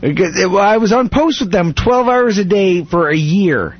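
A man's voice: high voice, animated, moderate pace, breathy edge, muffled recording. A man telling stories in a casual chat, rambling and laughing often. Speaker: guest.

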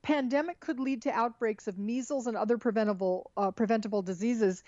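Chatty woman with a higher voice on a dull, dry recording. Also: darkish tone, no room sound. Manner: chatty, frequent fillers and restarts, reads quotes aloud. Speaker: podcast co-host. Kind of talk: casual political chat, reading tweets aloud.

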